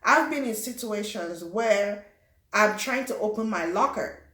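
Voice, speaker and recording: Animated young woman telling her story. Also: medium pitch, measured pace. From Africa. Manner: animated, acts out quotes and sound effects. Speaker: vlogger. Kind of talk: personal storytelling. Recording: roomy echo.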